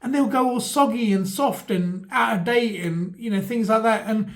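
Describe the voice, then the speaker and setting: A man's voice: sits high, normal speed. A man, talking to camera in a rambling, mock-earnest comic monologue with many fillers. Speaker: vlogger.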